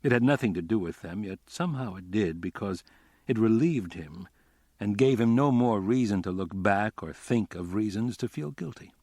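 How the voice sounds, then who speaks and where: A man reading crime fiction as an audiobook narrator in an even, understated way. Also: lowish voice, moderate pace, no room sound, studio quality. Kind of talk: scripted narration.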